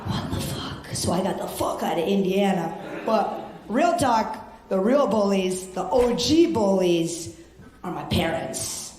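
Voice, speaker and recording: A young woman doing a brash, profane stand-up set with loud exasperated outbursts. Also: medium pitch, expressive, a little slow, a faint crowd. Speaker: stand-up comedian. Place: comedy club stage. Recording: echoey club stage.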